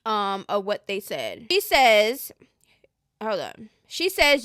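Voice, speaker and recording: A woman's voice: mid-range voice, huge pitch swings, slow, fairly bright tone, clear, resonant tone, no echo, studio quality. A woman hosting casual gossip commentary, chatty and slangy, often trailing off with hesitant asides.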